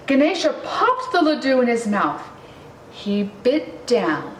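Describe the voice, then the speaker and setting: A woman reading a children's picture book aloud in a slow, expressive storytelling manner. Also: fairly high pitch, slight background noise. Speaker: reader. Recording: roomy, distant mic, faint ambience.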